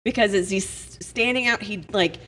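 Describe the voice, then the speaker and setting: A woman's voice: mid-range voice, moderate pace, fairly bright tone. A woman in casual conversation about films, earnestly rambling through a scene she remembers. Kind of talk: casual movie chat.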